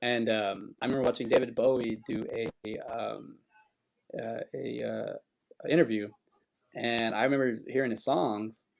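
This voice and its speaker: Casual podcast co-host, male, gravelly rambling storyteller who slips into goofy accents. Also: mid-range voice, fairly even intonation, measured pace. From United States. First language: Spanish, grew up bilingual. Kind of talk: casual chat.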